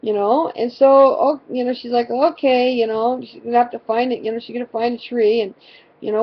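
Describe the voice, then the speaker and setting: A woman's voice: on the high side, steady tone, fairly quick, dull audio. A woman, a mother, rambling through a funny family story with constant fillers, dramatic and exasperated. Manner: rambling, fills with constant "you know". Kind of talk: casual personal storytelling.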